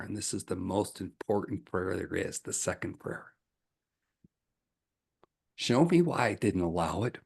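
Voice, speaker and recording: A spiritual coach answering questions from viewers, he tells stories in an animated way and laughs often. His voice is low and gravelly, with a husky, rough grain. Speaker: ascension coach. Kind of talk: spiritual teaching Q&A.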